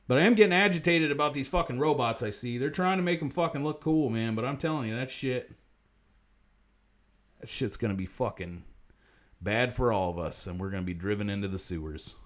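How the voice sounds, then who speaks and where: A man hosting a comedy livestream, swearing constantly and ranting, swinging from low mutters to loud outbursts. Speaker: comedy show host. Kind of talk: profane comedic livestream monologue.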